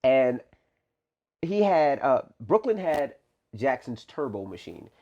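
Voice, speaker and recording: A man co-hosting a casual podcast, spinning a story with lots of swing in his voice. He sits at an everyday middle pitch and slips into the voices of the people he quotes as he goes. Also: slow, highs cut off. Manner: animated storyteller acting out quotes. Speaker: podcast co-host. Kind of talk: casual chat.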